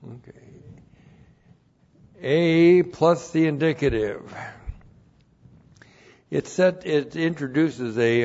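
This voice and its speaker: Male Bible teacher, slow and methodical, repeats every point, muffled lo-fi tape. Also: mid-range voice, darkish tone. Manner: deliberate, repeats each numbered point twice. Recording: dull lo-fi recording.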